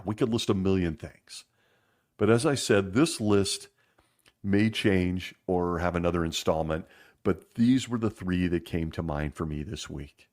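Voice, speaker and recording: A man hosting a casual monologue, making wry sarcastic asides and laughing as he talks, slowing down to stress points. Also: sits low. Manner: laughs often while talking; lively and animated, slowing down for emphasis. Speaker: podcast host.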